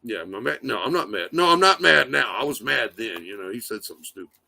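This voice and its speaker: A man talking on a livestream from his phone, rambling and swearing with plenty of fillers. His gravelly voice swings widely in pitch, sitting a little high for a man. The sound is close and dry, with no room around it. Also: lively intonation, fast, sharp tone, no room sound. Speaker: livestream host. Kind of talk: casual rambling livestream talk.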